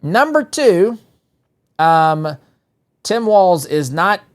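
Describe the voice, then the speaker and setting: Man, talk radio host, somewhat high voice, sarcastic, exasperated. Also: very animated, extremely slow. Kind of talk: political talk commentary.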